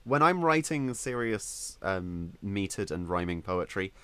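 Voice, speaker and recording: A man's voice: low voice, very animated, a little slow, pushed and bright, clear, resonant tone, dry recording. A man co-hosting a casual podcast about writing, giving firm opinions and explaining with emphasis. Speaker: podcast co-host.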